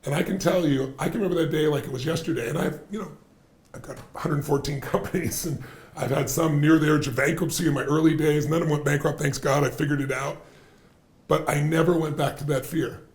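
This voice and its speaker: A man with a gravelly edge and a slightly higher voice than most men, speaking emphatically and stacking repeated phrases. He is heard in a roomy, echoey space that gives his words a lingering tail. He tells stories in an animated, conversational way. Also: fast talker. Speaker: podcast guest. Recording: roomy echo.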